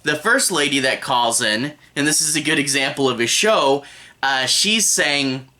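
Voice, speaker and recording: Bright-voiced young man rambling casually. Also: mid-range voice, lively intonation, a little slow. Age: young adult. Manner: rambling, conversational, with frequent restarts. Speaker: TV episode reviewer. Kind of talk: casual spoken review.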